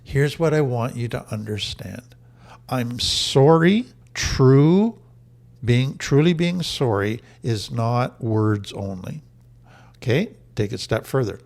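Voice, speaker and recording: A man's voice: mid-range voice, expressive, slow pace, vocal fry, a little mellow. A man giving an earnest, emphatic teaching talk on trauma recovery, repeating his key phrases for weight.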